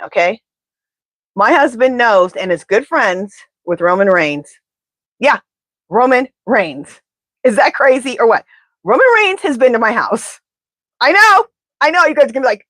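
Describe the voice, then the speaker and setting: A woman's voice: medium pitch, a bit bright, no echo. A woman tarot reader in casual live-stream chat, rambling and talking straight to her viewers.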